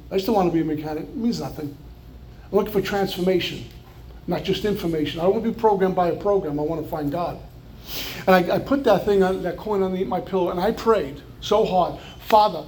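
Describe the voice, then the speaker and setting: A man's voice: high-pitched, a little mellow, slight background noise. A man from New York with a New York accent, giving an earnest personal recovery testimony with flashes of wry humor. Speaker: recovery speaker.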